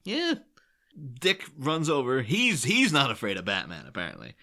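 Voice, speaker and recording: Animated, bright-voiced male podcast host. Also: mid-range voice, moderate pace, gravelly. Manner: animated, rambling, laughs often. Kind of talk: casual film-discussion chat.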